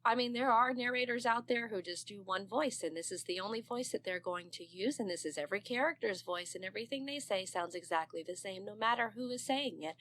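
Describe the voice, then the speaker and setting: A woman in her thirties, an aspiring narrator, chatting on a podcast in an expressive, freely swearing way. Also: mid-range voice. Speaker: guest, aspiring narrator and voice actor. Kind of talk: casual podcast chat.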